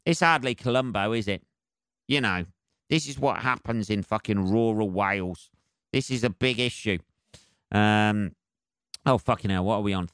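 A man's voice: on the low side, fairly bright tone, smooth, no echo, clean studio sound. A man hosting a solo comedy podcast, ranting sarcastically and swearing a lot as he rambles from one point to the next. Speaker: podcast host.

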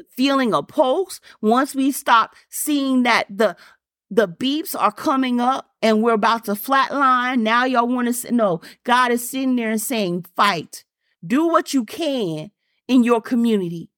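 A woman's voice: fairly high pitch, a bit bright, no echo, studio quality. A woman preaching a fervent sermon, repeating lines for emphasis and calling out directly to her listeners.

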